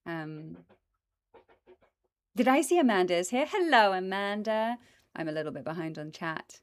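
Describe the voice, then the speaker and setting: A woman's voice: on the low side, lively intonation, normal speed, no room sound. A woman hosting a casual livestream, chatting enthusiastically with viewers and filling gaps with ums, close to a desk microphone. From British and American. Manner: chatty, enthusiastic, lots of ums and asides to chat. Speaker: voice actress hosting a plant stream. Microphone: desk microphone in front of her.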